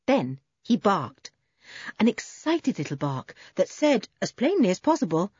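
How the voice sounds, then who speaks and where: A woman reading a children's storybook aloud in an expressive, animated way. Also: mid-range voice, a little slow, slightly rough, no room sound, muffled recording. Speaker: audiobook narrator. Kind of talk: storybook narration.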